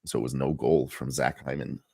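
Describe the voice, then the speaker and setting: A man co-hosting a live sports betting stream, low-key and laid-back, swearing casually. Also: fairly even intonation, a little fast, vocal fry, a little mellow, slightly rough, no echo, clean studio sound.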